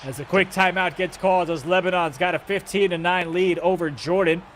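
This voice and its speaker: Brief: male play-by-play caster, high-pitched, energetic and joking, faint background hiss. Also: a little fast. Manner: energetic, jokey, rising to shouts on big plays. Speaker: esports basketball play-by-play caster. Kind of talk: live esports play-by-play.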